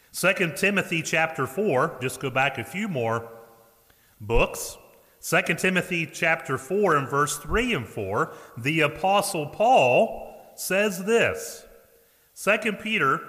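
Bright-voiced preacher man in an echoing hall. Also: a little high. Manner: earnest preaching, swings between loud emphasis and quiet asides. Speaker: pastor. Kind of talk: sermon. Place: church sanctuary.

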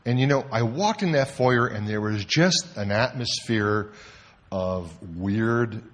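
A man preaching a sermon, telling a story in an animated way and swinging from hushed to loud. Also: on the low side, a little slow. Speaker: pastor.

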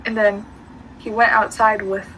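A woman's voice: mid-range voice, level tone, a little slow, sharp tone, slight background noise, poor audio. A young woman chatting on a podcast, retelling a dream with many fillers and restarts, recorded outdoors near a street. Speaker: podcast co-host. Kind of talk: casual chat, retelling a dream.

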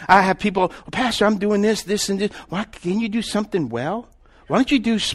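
Emphatic preacher, fairly high voice. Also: male voice. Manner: emphatic, swinging from loud to hushed. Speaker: pastor. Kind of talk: sermon.

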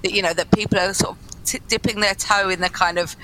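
A woman's voice: medium pitch, steady tone, fast, fairly bright tone, rough recording. A woman giving effusive spoken feedback on a story, repeating herself with frequent restarts. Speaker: guest reviewer. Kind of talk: casual critique chat.

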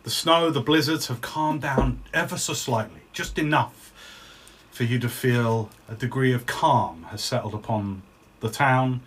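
A man's voice: medium pitch, husky. A man serving as game master for his children, narrating their tabletop adventure in a loose, joking way and laughing easily.

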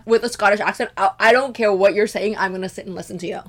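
A woman's voice: mid-range voice, fairly even intonation, fast talker. A young woman from Brazil co-hosting a podcast, chatting casually and bluntly with lots of "like". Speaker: podcast co-host. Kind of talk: casual chat.

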